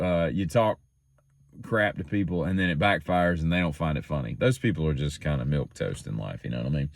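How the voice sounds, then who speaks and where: Daily-show host, male, low voice with a lively swing, chatty joker who drifts between topics, dry close mic. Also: dry recording. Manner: joking, self-teasing, wanders off topic. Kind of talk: rambling casual storytelling.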